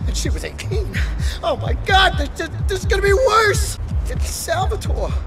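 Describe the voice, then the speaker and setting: A jittery, sleazy mobster wannabe from a crime video game. He rambles and whines in a gravelly, fry-edged voice. His pitch leaps all over the place as he frets and schemes. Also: big pitch swings, music in the background, full character voice. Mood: panicked. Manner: whiny, panicky and fast-rambling. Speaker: game character.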